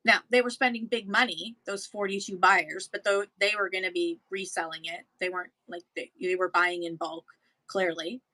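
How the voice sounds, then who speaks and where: A woman's voice: lowish voice, fairly even intonation, moderate pace, sharp tone, no echo, low-quality recording. A woman from Canada, co-hosting a casual chat about livestream selling, explaining in a rambling, self-correcting way. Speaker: livestream seller and co-host.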